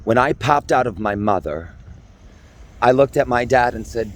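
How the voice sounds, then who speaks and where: Strolling through the city outside, a Minnesota man in his forties vlogs a rambling, campy comedy bit he makes up on the spot. His mid-range voice is expressive and normally paced, over a faint hiss or hum.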